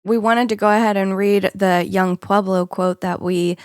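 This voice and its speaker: A woman's voice: mid-range voice, steady tone, normal speed, clear, resonant tone, no echo, studio quality. Playful young woman podcast co-host. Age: young adult. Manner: playful, teasing banter. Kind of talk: casual chat.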